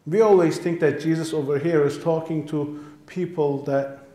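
Emphatic preacher in an echoey church. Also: male voice, fairly high pitch, steady tone, normal speed, mellow. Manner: emphatic preaching, repeats phrases for stress. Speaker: pastor. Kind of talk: sermon. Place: church sanctuary.

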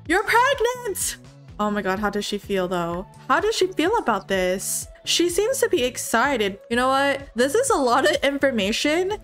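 Chatty young female gaming creator, high-ish voice, faint music bed. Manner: excitable, chatty, talks to her characters. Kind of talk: let's play commentary.

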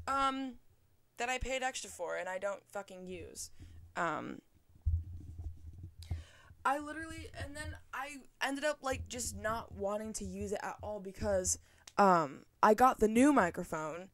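A woman's voice: fairly high pitch, lively intonation, measured pace, dry recording. Rambling young woman podcasting into a cheap mic. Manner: rambling, swears freely, self-deprecating jokes. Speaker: podcast host. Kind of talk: casual off-the-cuff chat. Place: home. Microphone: cheap USB microphone.

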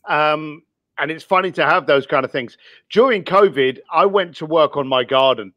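Blunt high-voiced man, mixed East London accent. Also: moderate pace, bright, forceful tone, no echo. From East London, England. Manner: candid, blunt, with mild swearing and frequent ums. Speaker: guest. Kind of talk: casual podcast interview.

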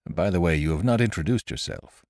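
A man's voice: sits low, a little fast, darkish tone, no echo, studio quality. A man voicing a severe middle-aged surgeon who speaks bluntly and emphatically. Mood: stern.

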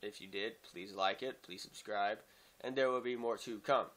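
Man, slightly low voice, hesitant soft-spoken vlogger, phone-recorded. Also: normal speed. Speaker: channel host. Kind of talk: casual talk to camera.

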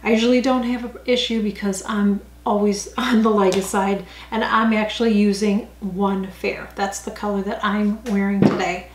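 A woman's voice: medium pitch, flat delivery, normal speed, few pauses. An older woman giving an unscripted makeup review, chatty and rambling, correcting herself as she goes. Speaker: beauty vlogger. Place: indoor home room, rain outside. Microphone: camera mic. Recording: echoey room on camera mic.

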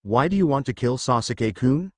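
A man's voice: mid-range voice, lively intonation, a little fast, no echo, clean studio sound, natural voice. A man voicing a defiant young kunoichi girl, indignant and snappy.

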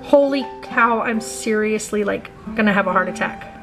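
A family vlogger in her thirties films herself at home on a handheld camera, gushing breathlessly to her viewers and repeatedly saying "you guys" in an excited, casual vlog. Her voice is medium in pitch at a moderate pace, with faint music in the background.

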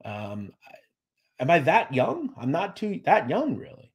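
Husky guy hosting a live chat stream, loose and rambly, lots of uhs. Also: mid-range voice, lively intonation, a little slow. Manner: chatty, many fillers and restarts, thanks viewers by name. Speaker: podcast host reading live chat. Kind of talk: casual livestream chat.

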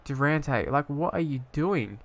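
A young male gaming YouTuber casually commentates on his own football management game, rambling and hesitant, and breaks into sweary frustration. His voice is a little high, animated and unhurried.

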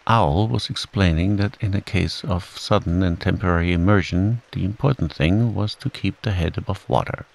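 Calm gravelly male storyteller. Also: sits low, normal speed, hardly any pauses. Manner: calm, soothing. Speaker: narrator. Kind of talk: calm bedtime story reading.

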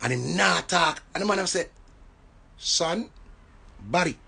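A man from Jamaica with a Jamaican accent, telling an animated story in casual patois. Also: high voice, fairly quick, creaky, slightly rough. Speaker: entertainer.

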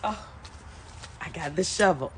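Woman, on the verge of tears, outdoors, casual live chat to viewers, lively pitch, slow delivery. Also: a little hiss or hum. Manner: emotional, repetitive self-talk, nervous laughs. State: tearful, on the verge of crying. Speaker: live-streaming vlogger. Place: outdoors in a yard by the lawn.

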